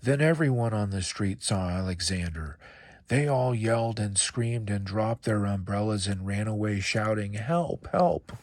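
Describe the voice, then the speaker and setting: A man with a low voice reads a children's storybook aloud, calm and measured, slowing down to let the story breathe. The recording is close and very dry, with no room sound. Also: dry recording. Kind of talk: reading a children's book aloud.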